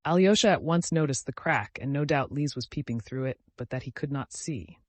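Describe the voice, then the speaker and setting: A man narrating an audiobook of a classic novel in a measured, expressive reading. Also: mid-range voice, no room sound. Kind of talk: scripted narration.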